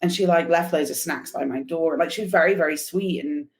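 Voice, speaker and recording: A woman's voice: low-pitched, brisk. A young adult woman, a podcast guest, telling a travel story in casual chat, acting out the other people's lines with many restarts. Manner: animated, acts out quoted dialogue, many restarts.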